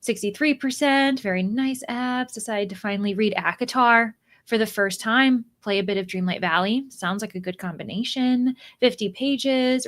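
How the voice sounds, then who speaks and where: A young woman hosting a reading livestream from home, chatting warmly and greeting viewers by name as she reads out the chat. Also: medium pitch, normal speed. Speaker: readathon livestream host. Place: home room.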